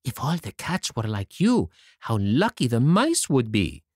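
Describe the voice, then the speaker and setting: A man voicing an excitable, naive wooden puppet boy in a high, boyish way, for a storybook reading. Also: unhurried, dry recording, studio quality. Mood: chatty.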